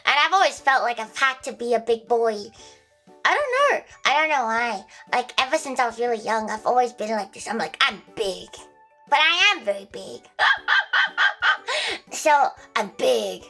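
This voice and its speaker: Lively, bright-voiced young woman streamer. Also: on the high side, moderate pace, soft background music. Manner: crude, joking, rambling with repeated restarts. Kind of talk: casual livestream chat.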